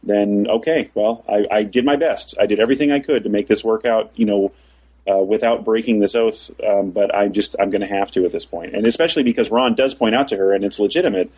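A man's voice: on the low side, brisk, a little mellow, breathy edge, low-quality recording. A man co-hosting a casual discussion of a story, thinking aloud and often restarting his phrases. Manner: thoughtful, repeats and restarts phrases.

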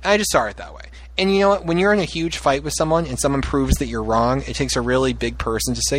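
A husky-voiced man in casual discussion, making his argument point by point and pressing each one with emphasis. His voice sits at a middling pitch with a rough, breathy edge. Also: fast talker, hardly any pauses, low-quality recording.

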